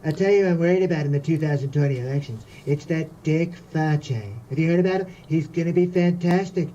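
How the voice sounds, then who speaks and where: A man's voice: on the high side, fairly quick, warm tone, highs cut off, pitched below the performer's own voice, lightly acted. A man doing a muttering old politician.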